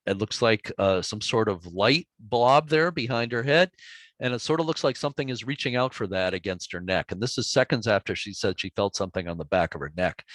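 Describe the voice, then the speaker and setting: Low-pitched male presenter, laid-back storyteller giving a talk to an audience, dry close mic. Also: no echo. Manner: relaxed, chatty storytelling with easy chuckles. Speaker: author giving a library presentation. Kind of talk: storytelling public talk with slides and audio clips.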